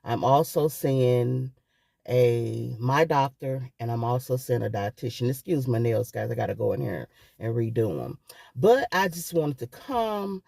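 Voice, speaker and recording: A woman's voice: very deep voice, animated, unhurried, gravelly, mellow, dry recording. Emotional woman vlogger, dry close sound. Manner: emotional, addresses viewers as guys. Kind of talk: personal vlog storytelling.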